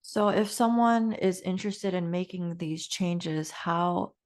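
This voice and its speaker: A woman hosting a podcast interview, her voice a little low. She asks curious, open questions and gives her guest room to answer. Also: slow, darkish tone. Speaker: podcast host.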